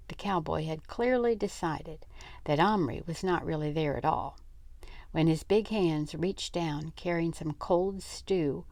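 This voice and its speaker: An older woman reading a children's novel aloud, slow and deliberate, sometimes dropping to a whisper. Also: on the low side, gravelly, a little mellow, no echo. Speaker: read-aloud narrator.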